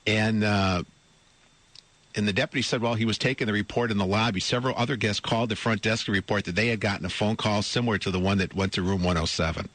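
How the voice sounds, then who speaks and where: A man's voice: on the low side, steady tone, fast, a bit bright, dry recording. A middle-aged man hosting a radio talk show, reading a news story aloud and commenting on it. He sounds amused and incredulous, asks his listeners rhetorical questions and repeats his words as he goes. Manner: amused and incredulous, breaks into laughter while reading. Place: radio studio. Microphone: studio microphone.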